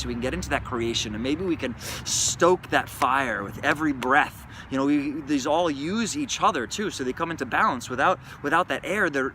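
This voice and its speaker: A man's voice: medium pitch, background noise. A man speaking as a yoga teacher in an earnest, emphatic monologue, swearing freely. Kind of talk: reflective podcast monologue.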